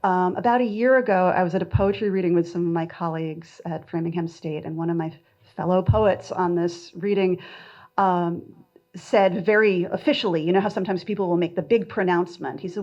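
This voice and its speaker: A woman reading her poetry at a literary festival, measured in the poems and chatty and self-deprecating between them. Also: lowish voice, fairly even intonation, a little mellow, muffled recording. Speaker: poet reading her work.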